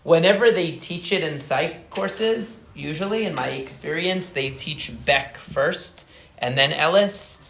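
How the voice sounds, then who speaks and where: Chatty man explaining psychology, slightly high voice. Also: a little slow, vocal fry, a bit bright, roomy sound, slight background noise. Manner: chatty, many fillers, rambling asides. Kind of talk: casual conversational explanation.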